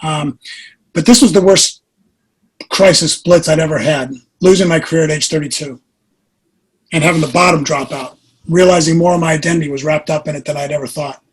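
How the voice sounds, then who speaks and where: A man in his forties telling a personal story as an interview guest, earnest and animated, laughing at himself at times. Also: on the high side, brisk, slightly rough, rough recording. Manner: earnest, animated retelling with self-mocking laughs.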